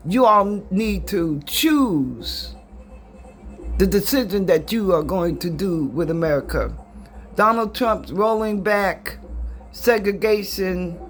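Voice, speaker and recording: A fairly high-voiced man talks straight to his viewers, casual and halting. He drops in ums and restarts mid-thought, with a faint hiss underneath. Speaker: commentator reacting to clips. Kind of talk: casual spoken commentary.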